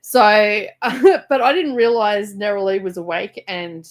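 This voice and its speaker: An Australian woman co-hosting a live book stream, telling animated stories in casual chat and laughing often. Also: mid-range voice, a little slow. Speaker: co-host of a live reading stream. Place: rural home library.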